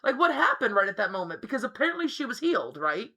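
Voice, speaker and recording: Podcast cohost lady, bright voice, swears a bit, easygoing chat. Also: a little high, very animated, fast talker. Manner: chatty, swears casually, laughs often. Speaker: podcast co-host. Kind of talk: casual chat.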